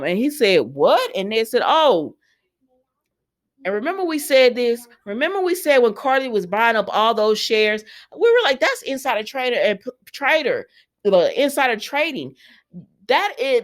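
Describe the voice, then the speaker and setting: A woman casually recapping a soap opera episode as host, rambling and chatty, with frequent ums and restarts, and quick asides as she paraphrases each character's lines. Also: medium pitch.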